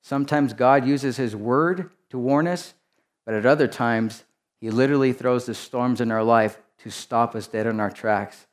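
A man's voice: mid-range voice, normal speed. A male pastor preaching a sermon. He talks to the congregation conversationally and often turns to them with rhetorical asides.

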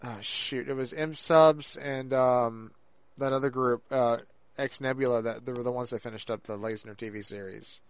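A man co-hosting a podcast in casual chat, rambling and halting with lots of fillers and restarts. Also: mid-range voice, fairly even intonation, smooth, dry recording. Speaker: podcast co-host.

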